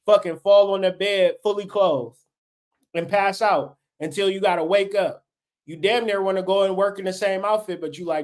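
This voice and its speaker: High-voiced preachy man in his late 30s. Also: steady tone, normal speed. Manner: profane, fired-up and preachy. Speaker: livestream host. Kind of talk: unscripted livestream rant.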